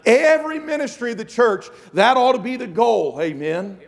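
A man's voice: very high-pitched, animated, moderate pace, vocal fry. A middle-aged man preaching a sermon, telling a story and calling out "amen" and "listen" to the congregation. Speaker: pastor.

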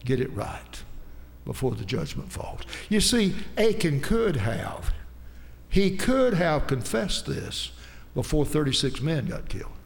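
A man preaching a sermon in a church, emphatic and rising into shouts. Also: a little high, very animated, unhurried, gravelly. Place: church sanctuary. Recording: long hall reverb.

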